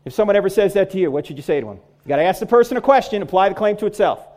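Animated, high-pitched joking man. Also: rapid-fire. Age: middle-aged. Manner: joking, punchline-driven delivery. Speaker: Christian apologetics speaker. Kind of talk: humorous lecture to a live audience.

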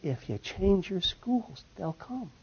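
Delivering a lecture and answering audience questions, a high-voiced man speaks slowly but very animatedly, with vocal fry and a breathy edge. He drops his voice at the ends of sentences and lifts it on key points, and the lo-fi recording sounds dull.

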